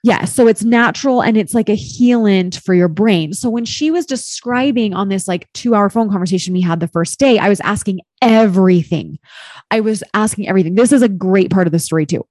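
A woman's voice: medium pitch, fairly quick, darkish tone, dry recording. Chatty, candid woman in a dry room. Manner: candid, chatty storytelling full of "like" and mild swearing. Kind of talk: casual chat.

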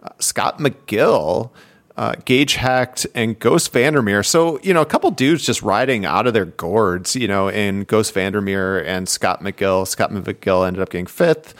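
A man co-hosting a casual cycling podcast, retelling races and acting out quotes with big pitch jumps. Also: unhurried. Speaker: podcast co-host. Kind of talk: casual chat about bike racing.

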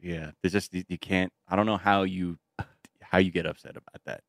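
A man's voice: deep voice, steady tone, fairly quick, gravelly, dry recording, clean studio sound. A man co-hosting a podcast, chatting casually and riffing with enthusiasm. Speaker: podcast co-host. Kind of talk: casual chat.

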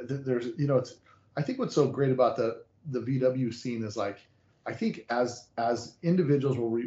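A man's voice: medium pitch, a little mellow, roomy sound, dull audio. A man hosting a casual chat, reflective and rambling with restarts.

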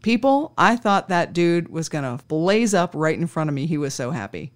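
A woman hosts her podcast, spinning a story from her case files with a dry, wry wit. She talks casually and jumps into the dialogue, her voice sitting a little on the low side. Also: very animated, normal speed. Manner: wry, conversational, acts out dialogue. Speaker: podcast host. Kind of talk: true-crime anecdote storytelling.

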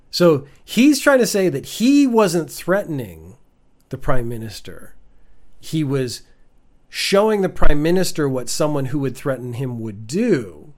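A man's voice: mid-range voice, a little mellow. A man giving casual, wry commentary on news stories from home, chatty with frequent restarts.

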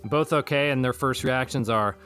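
A young man casually telling a long story to friends, rambling and animated as he acts out what his friends said. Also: medium pitch, moderate pace, soft background music. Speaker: storyteller in a truth-or-lie game. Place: Florida.

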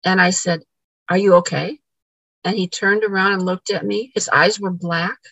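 A woman with a gravelly, husky voice tells a story in casual conversation, stumbling over repeated words and voicing what each person said. The sound is dry and close. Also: medium pitch, fairly even intonation, normal speed, fairly bright tone, no room sound, low-quality recording. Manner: repeats words, acts out quoted dialogue. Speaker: podcast guest.

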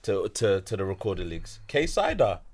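A man's voice: low voice, big pitch swings, a little fast. A man co-hosting a podcast, telling jokey slang-filled stories in casual chat. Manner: joking, slangy storyteller. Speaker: podcast co-host.

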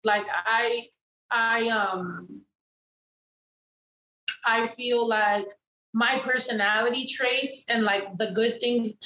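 A woman's voice: fairly high pitch, a bit bright, reverberant, slight background noise, poor audio. A woman co-hosting a casual chat, talking candidly with lots of swearing and fillers. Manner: candid, profane, rambling with many fillers.

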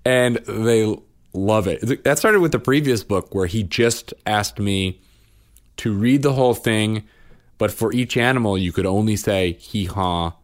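Man, low voice, casual chat, rambling animated storyteller, co-host. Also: measured pace.

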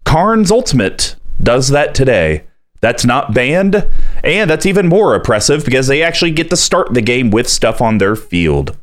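A man lays out his argument in an animated voice, his pitch swinging widely. The delivery is chatty and quick to push back. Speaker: podcast host. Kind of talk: casual chat.

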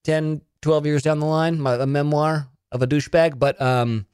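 A man in his thirties hosting a solo podcast from his home studio, animated and self-mocking. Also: on the high side, normal speed, clear, resonant tone, dry recording. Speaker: podcast host. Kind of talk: casual solo podcast chat.

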